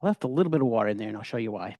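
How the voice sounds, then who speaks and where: A man's voice: lowish voice, expressive, racing, darkish tone, dry recording, clean studio sound. A middle-aged man giving a casual, rambling cooking demonstration, with many fillers and restarts. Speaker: cooking instructor.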